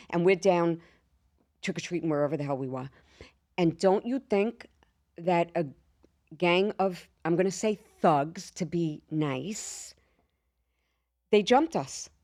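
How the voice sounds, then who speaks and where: A woman's voice: on the low side, normal speed. Brash woman telling a wild story. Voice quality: slight lisp. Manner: brash, animated storyteller who swears freely. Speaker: podcast co-host. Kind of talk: casual storytelling chat.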